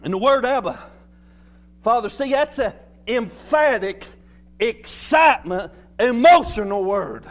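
Male preacher, high-pitched and animated, loud-soft sermon delivery in church. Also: unhurried. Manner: shouting, exuberant, swinging between loud and soft. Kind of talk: Pentecostal-style sermon.

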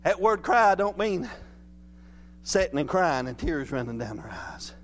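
A man preaching an exuberant church sermon, swinging between loud shouts and quiet, soft passages. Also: a little high, big pitch swings, unhurried. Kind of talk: Pentecostal-style sermon.

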